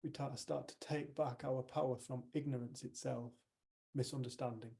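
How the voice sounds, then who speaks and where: A man leads a workshop with a motivational talk. His voice is gravelly and mellow, with a relaxed, conversational delivery that turns to storytelling in quoted dialogue. He speaks at an ordinary, mid-range pitch for a man. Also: moderate pace. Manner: conversational, retelling stories with quoted dialogue and growing animation. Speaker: workshop leader.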